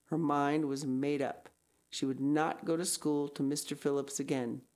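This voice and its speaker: A woman reading a novel aloud in a measured storytelling manner with expressive emphasis. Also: deep voice. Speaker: reader.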